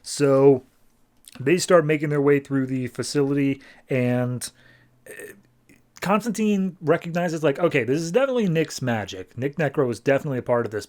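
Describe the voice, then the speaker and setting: A man's voice: on the high side, expressive, normal speed, darkish tone. A man hosting a podcast, casually recapping a comic book story and paraphrasing the characters in a chatty way. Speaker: podcast host.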